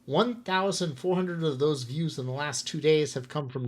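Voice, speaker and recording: Teasing deadpan woman co-host. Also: low voice, moderate pace. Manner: teasing, interrupts with deadpan jokes. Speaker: podcast co-host. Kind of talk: casual chat.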